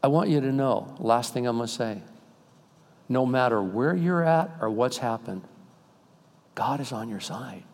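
An older man preaching a sermon as pastor, swinging between loud emphatic peaks and quiet, intimate asides, then leading a prayer in a church sanctuary. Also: medium pitch, expressive, a little slow, gravelly, long pauses. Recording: long reverb in a large hall.

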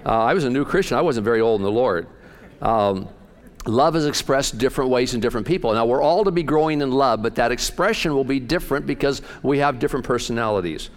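A man's voice: mid-range voice, expressive, quick pace. Folksy joking male pastor. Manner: folksy, joking, conversational storytelling. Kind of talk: sermon.

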